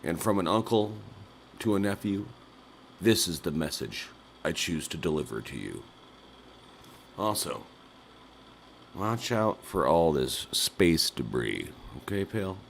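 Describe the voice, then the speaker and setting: A man's voice: low-pitched, big pitch swings, slow, vocal fry, pauses often, a little hiss or hum. A man hosting a nightly call-in livestream, rambling through absurd jokes and laughing at his own bits. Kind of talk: rambling absurdist live-stream chat.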